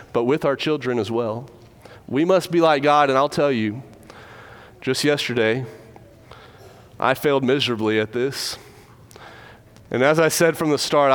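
A man's voice: a little high, smooth. Earnest middle-aged man preaching. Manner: earnest, measured, stresses key words. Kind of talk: sermon. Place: church building.

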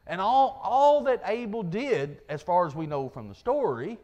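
Male preacher, high-pitched, earnest sermon delivery with frequent restarts. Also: animated, normal speed, a little mellow, lo-fi sound. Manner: earnest, repetitive restarts, quotes scripture.

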